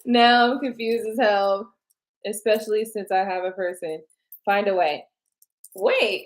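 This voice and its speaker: A woman's voice: mid-range voice, moderate pace, rough recording. A woman reading tarot on a live stream, chatting with viewers and answering their comments with frequent laughs. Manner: animated and chatty, laughs often, talks straight to viewers.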